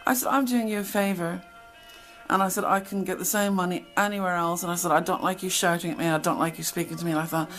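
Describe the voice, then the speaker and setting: A woman's voice: lowish voice, steady tone, quick pace, a bit bright, soft background music, poor audio. Blunt, chatty woman storyteller. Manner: chatty, blunt, acts out quoted exchanges. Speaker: channel host. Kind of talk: casual storytelling monologue.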